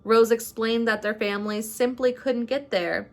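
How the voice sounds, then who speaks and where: A woman vlogger reading a rhyming picture book aloud at home at night, in an unhurried storytelling way, then chatting casually. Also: fairly high pitch, steady tone. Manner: unhurried storytelling, laughs between lines.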